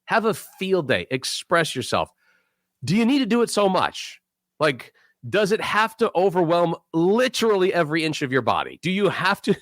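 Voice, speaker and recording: A man's voice: high-pitched, a bit bright, dry recording, studio quality. A middle-aged man co-hosting a podcast, ranting sarcastically in profane casual chat. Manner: ranting, sarcastic, swears a lot. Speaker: podcast co-host.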